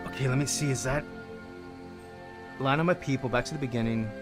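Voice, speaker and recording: Over music, a man with a mid-range voice livestreams a game at a brisk clip, chatting playfully with his viewers and greeting them by name as he plays.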